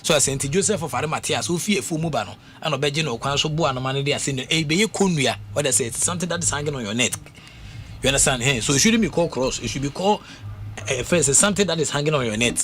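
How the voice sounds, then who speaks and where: A Ghanaian man hosting a radio show, talking in an animated, rambling way that keeps circling back with fillers. His voice sits a little high for a man. Faint noise hums under the broadcast. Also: fast talker. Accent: Ghanaian English. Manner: animated, repetitive, with frequent fillers. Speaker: radio host. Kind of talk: casual radio talk mixing English and Twi.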